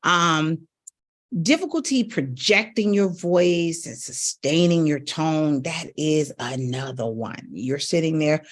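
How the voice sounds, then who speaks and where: A middle-aged woman coaches her viewers on the voice in an emphatic, direct way. Her tone is husky and a little breathy. She stresses her points by jumping sharply higher in pitch. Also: animated, slow. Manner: emphatic, addresses audience directly with big pitch leaps. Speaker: vocal coach. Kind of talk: coaching talk to camera.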